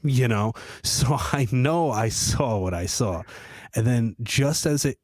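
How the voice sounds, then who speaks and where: A man hosting a podcast, talking in a relaxed, low-key, rambling way over a video call. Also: slow, no room sound, clean studio sound. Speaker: podcast host. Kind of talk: casual chat.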